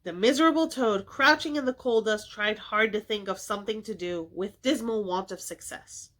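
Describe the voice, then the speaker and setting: A woman's voice: mid-range voice, normal speed. A woman reading a classic children's story aloud expressively for a library. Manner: expressive, animated. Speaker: children's book reader.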